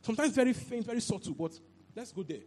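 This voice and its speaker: A man preaching a sermon into a handheld mic, animated and repetitive, often asking if the listeners understand. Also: high voice, quick pace, slightly rough. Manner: animated, repeats phrases, asks "you understand?". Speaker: pastor.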